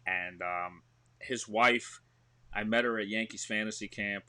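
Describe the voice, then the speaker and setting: A man with a New York accent talks in a relaxed podcast interview, his voice bright and cutting. He tells stories with plenty of animation and slips into acting them out as he goes. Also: on the low side, unhurried, smooth. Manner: animated storyteller, acts out what he describes. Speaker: guest actor.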